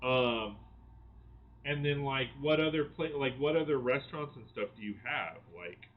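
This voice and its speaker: A man's voice: mid-range voice, normal speed, narrow, tinny audio. A man from the United States hosting a casual live-stream chat, rambling and restarting his sentences often. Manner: rambling, full of restarts and fillers. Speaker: channel host.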